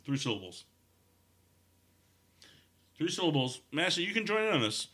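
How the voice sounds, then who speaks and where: A man's voice: fairly high pitch, sing-song, normal speed, bright, forceful tone. A man hosting a podcast in casual chat, crude and joking, steering the talk between his co-hosts. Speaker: podcast host. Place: studio.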